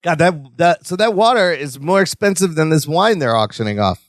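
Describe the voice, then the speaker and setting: A man's voice: fairly high pitch, fairly quick, no echo, clean studio sound. A man in his forties co-hosting a podcast, joking and acting out lines as he recaps a sitcom episode. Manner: animated, jokey, acts out quotes. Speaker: podcast co-host.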